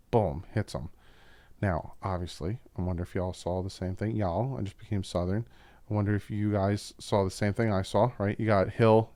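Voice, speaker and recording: A YouTube host breaks down football film casually, sounding like an opinionated fan who keeps drifting into asides. He has a fairly low, darkish voice, and the recording is dry.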